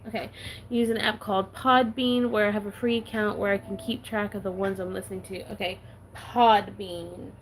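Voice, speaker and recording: A woman's voice: mid-range voice, steady tone, moderate pace, a little hiss or hum, rough recording. A woman vlogger chatting casually while she stamps her planner, giggly and talking with a valley-girl lilt.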